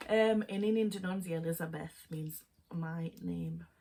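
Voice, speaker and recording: A woman's voice: fairly low pitch, moderate pace, mellow, a little hiss or hum. A woman co-hosting a podcast in casual chat, rambling and laughing easily as she talks. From Zimbabwe. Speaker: podcast co-host.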